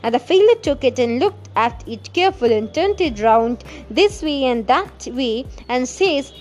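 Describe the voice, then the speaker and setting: A woman reading a folk tale aloud with expressive, varied pacing. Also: high voice, a little slow, few pauses, faint music behind. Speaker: storyteller.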